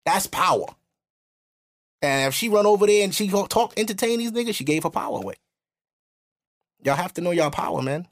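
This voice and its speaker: A young man hosting a casual podcast, lecturing bluntly and slipping into high mocking voices when he quotes people. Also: expressive, fast talker. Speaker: podcast host.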